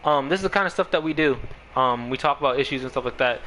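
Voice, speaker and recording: A man's voice: mid-range voice, fast, pushed and bright, slight background noise, poor audio. A male streamer chatting casually on a game stream, rambling, with lots of fillers and frequent laughs.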